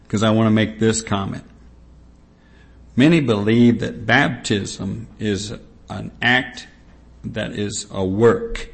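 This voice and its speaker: Man, preacher, sermon, very slow delivery, gravelly voice, emphatic repetition. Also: on the low side. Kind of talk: sermon with scripture reading.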